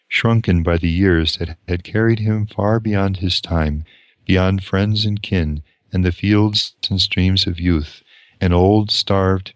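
A male lecturer reads passages from a novel aloud and comments on them reflectively. His voice is very low. The sound is close and dry. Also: no room sound. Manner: deliberate and reflective, pausing to explain.

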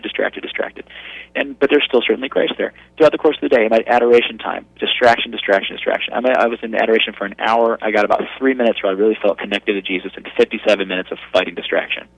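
A man in his thirties sharing an earnest personal testimony on prayer, going soft and low at tender moments. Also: vocal fry, dry recording, lo-fi sound.

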